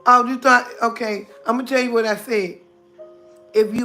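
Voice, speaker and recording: A woman's voice: on the high side, fairly even intonation, normal speed, sharp tone, soft background music. A middle-aged woman hosting a casual livestream, talking bluntly, greeting viewers by name and laughing often. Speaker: livestream host.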